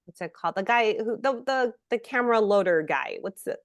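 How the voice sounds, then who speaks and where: A middle-aged woman, an actress guest in a casual interview, telling lively stories and acting out quotes. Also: fairly high pitch, fairly quick, dry recording. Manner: animated storyteller, acts out quotes.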